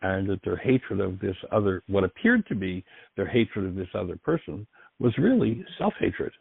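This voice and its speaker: A man's voice: sits low, lively intonation, moderate pace, creaky, slightly rough, no echo. A man hosting a call-in radio show, talking in an earnest, encouraging and reflective way. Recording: dry, tinny phone-like line.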